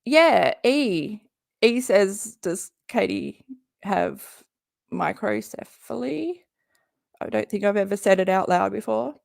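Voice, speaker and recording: Speaking slowly at a medium pitch, a woman uses lively intonation and a darkish tone touched with vocal fry. She reacts loosely to a live stream, swearing, laughing, rambling and stopping herself mid-sentence. The audio is clean studio sound without echo.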